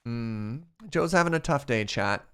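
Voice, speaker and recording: A man's voice: medium pitch, expressive, unhurried, a bit bright, smooth. A man streamer chatting casually with his chat while playing a game, laughing often.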